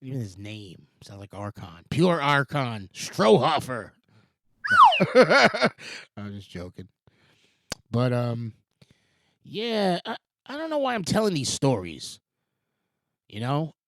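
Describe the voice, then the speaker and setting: A man's voice: medium pitch, big pitch swings, a little slow, pauses often. A man in his forties hosting a morning show, talking in a digressive, rambling monologue with frequent restarts and casual swearing. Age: 40s. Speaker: show host.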